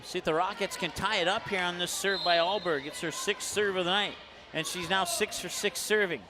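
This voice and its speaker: Announcer: high-pitched Upper Midwest American man, play-by-play for school volleyball, shouts the big points, noisy gym feed. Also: steady tone. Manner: rapid calls that rise to shouts on big plays.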